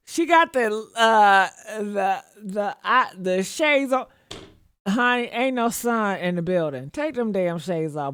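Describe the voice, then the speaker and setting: A woman's voice: mid-range voice, animated, a little slow, a bit bright, smooth. A woman giving casual reaction commentary, sassy and mocking, laughing often and talking straight to her viewers.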